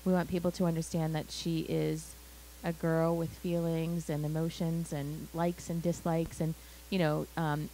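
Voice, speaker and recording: A woman on a live community panel who speaks in an earnest, steady way. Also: sits low, a little hiss or hum, low-quality recording. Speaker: parent panelist.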